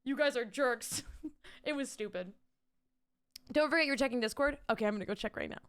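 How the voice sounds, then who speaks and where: Young woman streamer, high clear voice, casual and foul-mouthed, quick to laugh and shout. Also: animated. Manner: chatty, swears freely, laughs often, breaks into loud shouting bits. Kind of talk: casual live-stream chat.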